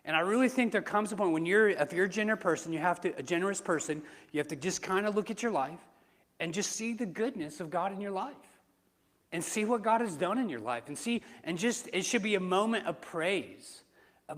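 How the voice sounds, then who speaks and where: Man, pastor, sermon, conversational, rhetorical questions, higher voice, long church-hall echo. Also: lively intonation, a little fast, fairly bright tone. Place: church sanctuary.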